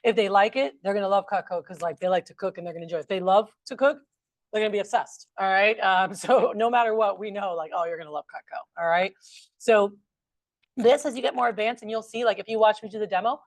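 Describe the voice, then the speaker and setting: A woman's voice: medium pitch, quick pace, no echo. Chatty woman training a sales group. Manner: chatty, upbeat, addresses the group as "you guys". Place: meeting room with a large group.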